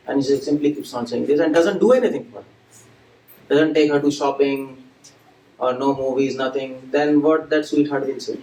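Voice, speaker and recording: In an echoey temple hall, a man delivers a devotional lecture to a live audience, keeping things conversational by asking listeners questions and acting out small scenes. His voice is mellow, medium-pitched and at a normal speed, picked up by a distant mic with faint ambient noise.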